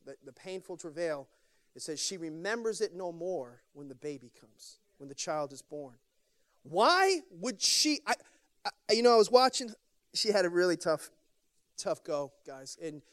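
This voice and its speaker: High-voiced pastor telling stories from the pulpit. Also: male voice. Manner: conversational storytelling with repetitions and call-and-response. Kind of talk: sermon. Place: church sanctuary with a congregation.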